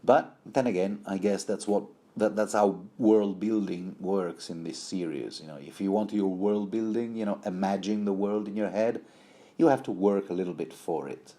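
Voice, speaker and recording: Low, mellow man rambling through a book. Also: moderate pace. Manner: rambling, digressive, wry. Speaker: book commentator. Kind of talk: rambling casual commentary.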